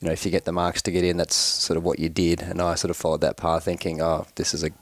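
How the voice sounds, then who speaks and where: An Australian man in his forties, a guest author, talking about his life in a relaxed interview. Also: deep voice, fast talker, no echo. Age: 40s. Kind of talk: casual interview.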